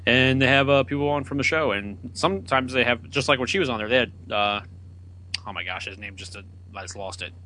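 A man's voice: medium pitch, brisk, pushed and bright, poor audio. A man co-hosting an internet radio talk show, rambling through goofy stories and jokes. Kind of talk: casual chat.

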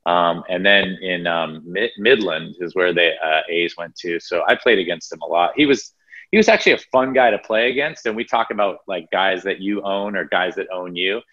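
A middle-aged man with a very low voice and a bright, forceful tone talks casually on a podcast. He muses in an easygoing way and drops a few fillers. His audio comes through dull and lo-fi. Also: moderate pace. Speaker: podcast co-host, former pitcher. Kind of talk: casual chat.

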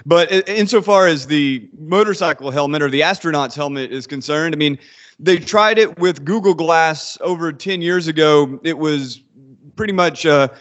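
A man being interviewed as an author, answering in a measured, thoughtful way with frequent hesitations. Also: a little high, a bit bright, lo-fi sound.

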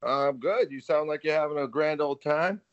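A man's voice: fairly high pitch, normal speed. An American man on a phone call, wisecracking and swearing freely in casual chat. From United States. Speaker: phone guest. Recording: dull phone-call audio.

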